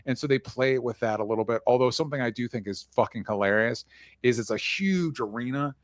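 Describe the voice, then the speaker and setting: A man talking movies in a loose, rambling way, dropping swears and tossing in asides. His voice sits at an ordinary middle pitch. The sound is dry and close, with no room around it. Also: no echo. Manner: rambling, profane, quick asides. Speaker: podcast host. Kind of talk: casual movie discussion.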